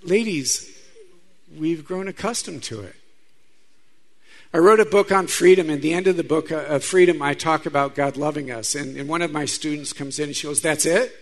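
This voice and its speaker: Gravelly priest giving a lively sermon. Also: male voice, on the high side, moderate pace. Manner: conversational preaching with stories and asides to the audience. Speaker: Catholic priest.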